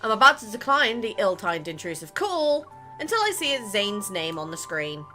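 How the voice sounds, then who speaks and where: Bright, animated woman reading a game. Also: medium pitch, normal speed. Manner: playful, chatty, giggly. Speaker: gaming content creator. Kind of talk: reading a romance game aloud. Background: game music.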